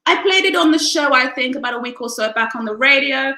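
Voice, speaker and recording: Bubbly woman radio host, high bright voice, keeps apologizing, echoey room. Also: expressive, quick pace. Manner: bubbly, apologetic, laughing at herself. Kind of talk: casual live-stream interview.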